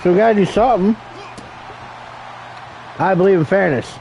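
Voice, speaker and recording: A man's voice: sits high, moderate pace, vocal fry, a little mellow, a little hiss or hum, poor audio. A man calling an amateur wrestling show as commentator, crude and joking, rambling and calling people brother. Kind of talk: profane play-by-play commentary.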